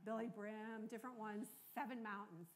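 A woman's voice: mid-range voice, steady tone, normal speed. An older American woman preaching a sermon in a conversational, earnest way, often checking in with the congregation. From United States.

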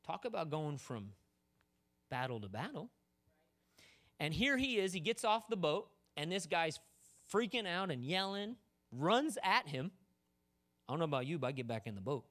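Animated, casual preaching man. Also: on the high side, normal speed, long pauses. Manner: casual, joking preaching full of asides. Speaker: pastor. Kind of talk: sermon.

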